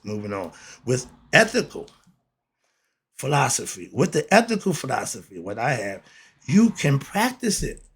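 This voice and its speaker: His mid-range voice carries vocal fry and a breathy edge as he addresses listeners on camera. Taking on the role of teacher, he's blunt and preachy, full of street slang and rhetorical questions.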